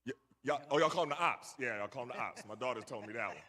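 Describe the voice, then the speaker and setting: Fast and sharp-toned at a medium pitch, a middle-aged guest speaker spins a story for young listeners while joking with the crowd. The setting is a large church hall, and the sound echoes.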